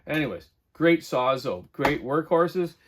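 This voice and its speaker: Man, middle-aged, slightly high voice, rambling workshop how-to, talks while working. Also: animated, a little slow, noisy background. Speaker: chainsaw repair host. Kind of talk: casual workshop demonstration. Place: home workshop.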